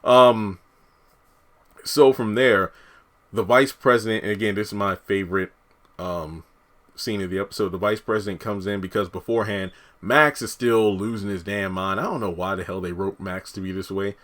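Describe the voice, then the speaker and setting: A man with a fairly low voice talks through a TV episode recap in a casual, rambling way. He pads his sentences with fillers and restarts as he goes. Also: fairly even intonation, moderate pace, a bit bright. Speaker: TV episode reviewer.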